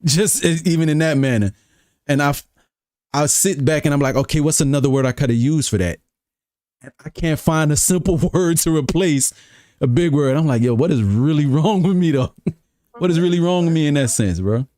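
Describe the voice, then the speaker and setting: A man's voice: fairly high pitch, a little fast, dark tone, no echo. Laughing New man, dry mic. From New York. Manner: joking, laughs often, slang-heavy. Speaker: stream host. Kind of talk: casual panel chat.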